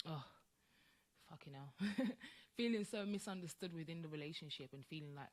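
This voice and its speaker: A woman's voice: deep voice, moderate pace. Emphatic woman co-hosting a podcast. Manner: emphatic, animated, acts out quoted voices. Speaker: podcast co-host. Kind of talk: casual podcast chat.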